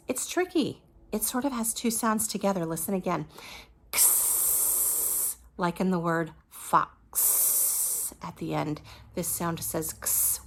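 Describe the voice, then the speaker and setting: A woman's voice: fairly low pitch, creaky. A woman teaching a phonics lesson to young children, patiently modeling each letter sound and praising the listener.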